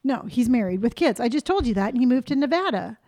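A woman's voice: on the high side, animated, fast, mellow, no room sound, studio quality. A woman in her forties in casual chat, playful and giggly, spinning silly made-up scenarios.

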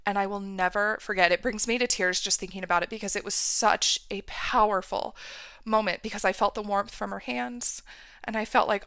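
Bright, candid woman telling a personal story. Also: mid-range voice, steady tone, moderate pace, clear, resonant tone, no room sound. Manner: emotional, candid, reenacts her own outbursts. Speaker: podcast host.

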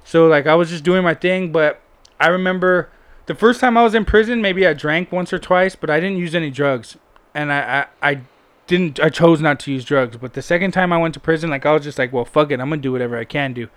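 Candid swearing man, slightly high voice. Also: fairly quick, fairly bright tone, smooth. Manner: candid, heavy swearing, frequent "like" fillers. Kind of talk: casual storytelling.

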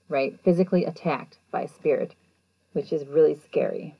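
A woman casually retelling events in a chatty, animated way, acting out what people said. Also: deep voice, moderate pace, gravelly, slightly rough, dry recording, highs cut off. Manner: chatty, animated, acts out quotes. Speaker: show recapper. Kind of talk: casual storytelling recap.

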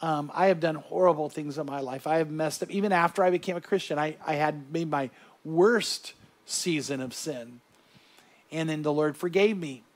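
Male pastor preaching to a small room of listeners, earnest and animated, voice sitting a bit high, words tumbling over restarts. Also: moderate pace. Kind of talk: sermon.

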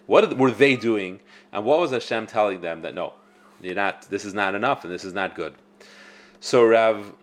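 A man teaching a Torah class on scripture. He speaks in an animated way and often repeats words while he thinks. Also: medium pitch.

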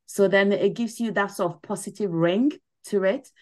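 A woman's voice: mid-range voice, normal speed. A middle-aged woman speaking as a podcast guest, explaining things earnestly in a casual interview and often adding "you know". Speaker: podcast guest, mental wellness ambassador.

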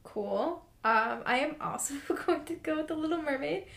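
A woman's voice: sits high, animated, moderate pace, creaky, fairly bright tone, reverberant. A young woman co-hosting a podcast, chatting casually and sarcastically with many fillers. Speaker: podcast co-host.

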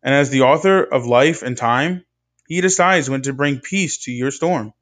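A young man giving a scripted devotional talk with an earnest, measured preaching cadence. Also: medium pitch, fairly bright tone. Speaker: speaker in a devotional video.

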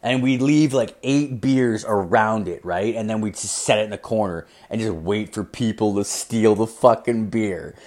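A man's voice: fairly low pitch, moderate pace, hardly any pauses, a little mellow. A young man telling a rambling, profane story in casual chat, filling his talk with "like". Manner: rambling, profane, heavy "like" filler.

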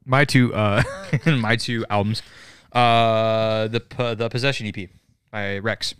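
A man's voice: lowish voice, fairly even intonation, slow, fairly bright tone, clear, resonant tone, no echo, studio quality. A young man co-hosting a podcast, chatting casually with profane jokes and frequent laughter. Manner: profane, joking, laughs often. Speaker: podcast co-host. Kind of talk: casual chat.

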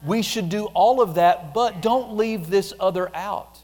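A man preaching a conversational sermon, repeating phrases and dropping into a soft, quiet voice when he prays aloud. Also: high-pitched, a little slow. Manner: conversational, repetitive, drops softly into prayer voice.

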